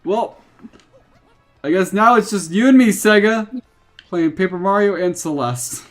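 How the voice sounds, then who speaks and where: A man's voice: high voice, lively intonation, unhurried, faint music behind. Man streaming a game, chatty and self-mocking. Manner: reads chat, jokes, self-mocking. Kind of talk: casual livestream chat.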